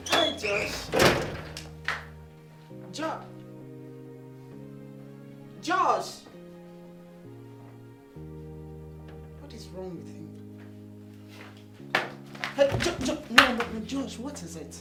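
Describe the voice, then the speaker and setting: An actress playing an anxious woman who protects a troubled friend and keeps pleading with him to calm down. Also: on the high side, extremely slow, long pauses, over loud music, heavily acted. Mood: alarmed. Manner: pleading, soothing.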